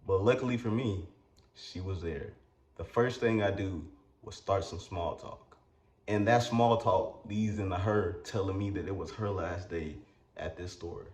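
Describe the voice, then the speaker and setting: A man telling a comic personal story in a casual, crude, slangy way with halting restarts. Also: on the low side, reverberant.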